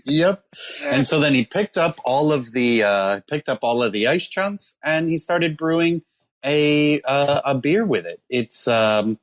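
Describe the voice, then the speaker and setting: A man's voice: fairly high pitch, lively intonation, measured pace. A man co-hosting a casual podcast, telling a rambling story about a beer with lots of ums and uhs. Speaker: podcast co-host presenting a beer. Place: calling in from abroad.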